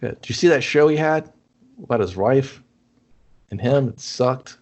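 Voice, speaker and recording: A man's voice: medium pitch, animated, moderate pace. A man co-hosting a casual movie review podcast, retelling scenes in a laid-back way and swearing casually. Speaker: podcast co-host.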